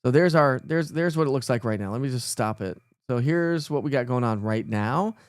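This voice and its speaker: A man's voice: medium pitch, animated, moderate pace, clean tone, no echo, clean studio sound. A middle-aged man, hosting a casual live weather stream and greeting viewers by name. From East Tennessee.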